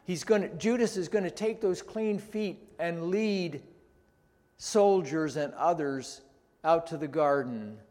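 Male pastor, slow measured sermon delivery, slightly high voice, echoing hall. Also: darkish tone. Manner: slow, deliberate preaching with rhetorical questions. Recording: long reverb in a large hall.

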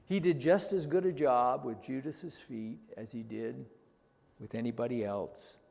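Slow, deliberate male preacher. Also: mid-range voice, creaky, darkish tone. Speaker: pastor. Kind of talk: sermon. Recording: long reverb in a large hall.

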